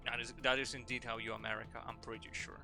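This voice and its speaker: A man chats loosely while streaming a game, rambling from thought to thought and swearing freely. His voice is bright and forceful at a middle pitch. Faint music plays underneath. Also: little pitch movement, quick pace, vocal fry. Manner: playful, swears a lot, rambling. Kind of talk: casual live-stream chat.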